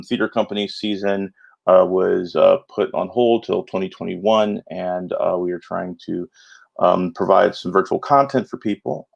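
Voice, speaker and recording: A man hosting a trivia livestream, chatty and upbeat with announcer-style hype and plenty of fillers. His voice is lowish with a gravelly fry. The sound is dull and lo-fi, as from a home stream. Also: darkish tone. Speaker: trivia game show host.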